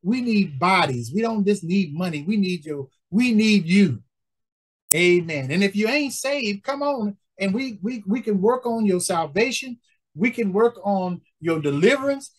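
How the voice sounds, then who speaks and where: Male pastor, middle-aged, high voice, pleading sermon delivery full of "amen" and repetition. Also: expressive, moderate pace. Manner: pleading, repeats phrases with frequent "amen" and "praise God". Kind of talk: preaching appeal for support.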